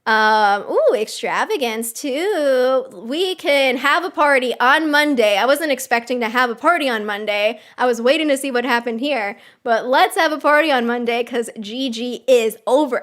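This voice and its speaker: A young woman streamer reacting live to a game story, giggly, excitable and chatty. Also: high-pitched, normal speed, few pauses.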